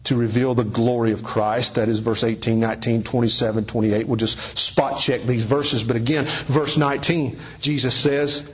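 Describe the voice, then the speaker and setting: A man's voice: steady tone, moderate pace, hardly any pauses. Man preaching with big swings in emphasis. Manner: wide swings between soaring emphasis and hushed low passages. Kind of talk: sermon. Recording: dull lo-fi recording.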